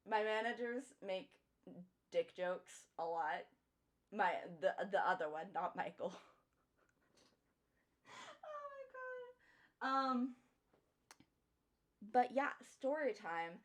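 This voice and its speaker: A woman's voice: medium pitch, a bit bright. Chatty young woman telling a story. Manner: chatty, swears often, laughs between lines. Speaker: streamer and artist. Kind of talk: casual storytelling while drawing on stream.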